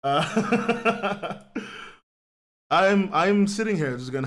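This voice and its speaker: A man's voice: sits high, lively intonation, very slow, a bit bright. A man hosting a livestream pre-show, rambling casually, greeting viewers by name, laughing often and swearing now and then. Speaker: podcast host.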